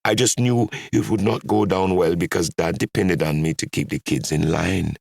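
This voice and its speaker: Low, gravelly male narrator for a scripted audiobook, dry close sound. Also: steady tone, moderate pace, darkish tone, no room sound.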